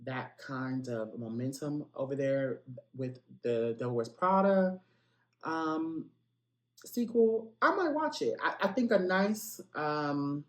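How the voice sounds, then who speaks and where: A man's voice: fairly high pitch, lively intonation, takes it slowly, fairly bright tone, echoey room. A man hosting a celebrity gossip podcast, chatty and playful, with lots of asides and direct calls to his listeners. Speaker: podcast host.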